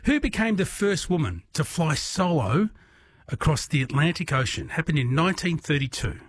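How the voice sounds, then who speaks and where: A man's voice: a little high, normal speed, husky, dry recording. A man hosting a late-night radio quiz, chatting easily with callers. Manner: relaxed, chatty, friendly banter with callers. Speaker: radio host.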